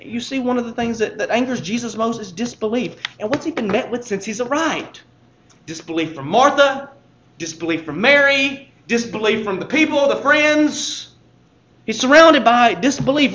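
A man's voice: very high-pitched, expressive, normal speed, a bit bright, echoey room, dull audio. A man preaching a sermon as pastor, talking to the congregation conversationally and building to emphatic points.

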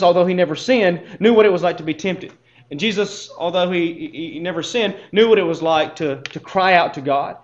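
A man's voice: on the high side, reverberant, muffled recording. A man teaching a Bible class in earnest, posing rhetorical questions and restarting his phrases.

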